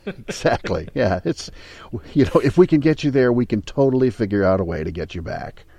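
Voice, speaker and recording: A man's voice: medium pitch, animated, fairly quick, vocal fry, dark tone. A man hosting a casual chat, making playful, self-deprecating asides.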